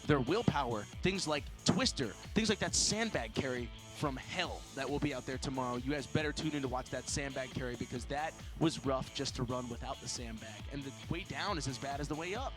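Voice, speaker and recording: A man and gym owner giving live race preview commentary, stressing points in energetic lists. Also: mid-range voice, a little fast, hardly any pauses, over music.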